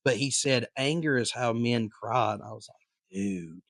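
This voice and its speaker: A man's voice: medium pitch, moderate pace, fairly bright tone, no room sound, clean studio sound. A man co-hosting a podcast, talking in a casual, earnest way with lots of fillers and restarts. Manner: rambling, filler-heavy, earnest. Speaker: podcast co-host.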